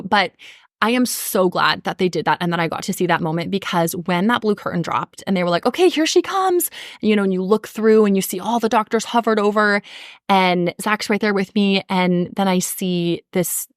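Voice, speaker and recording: A woman's voice: mid-range voice, normal speed, no echo, studio quality. A woman in her thirties telling a personal story on a podcast, earnest and emotional, with many casual fillers. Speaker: podcast host.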